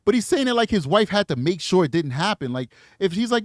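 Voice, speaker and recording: Animated slangy male commentary host. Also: high-pitched, fast, hardly any pauses, no echo, studio quality. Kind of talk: reactive live commentary.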